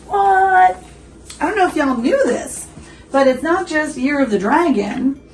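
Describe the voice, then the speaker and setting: A woman's voice: fairly high pitch, a little mellow, poor audio. Chatty, giggly woman hosting a coffee vlog. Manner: chatty and giggly, quizzes viewers, asides to her dog. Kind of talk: casual coffee-review vlog chat. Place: home.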